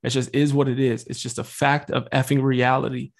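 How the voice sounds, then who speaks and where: A man's voice: mid-range voice, level tone, a little fast, creaky. A man in his thirties hosting a Catholic podcast, talking about faith and suffering in a casual, earnest, rambling way with light swearing.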